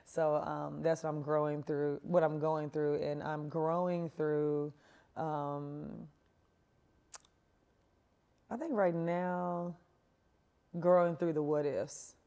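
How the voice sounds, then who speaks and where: A woman hosts a casual faith podcast in a very low, mellow voice. She talks in an easy, reflective way and keeps affirming her guest as he speaks. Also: steady tone, slow pace, long pauses, smooth, highs cut off. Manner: warm affirming listener, reflective. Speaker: podcast host. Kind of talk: casual chat.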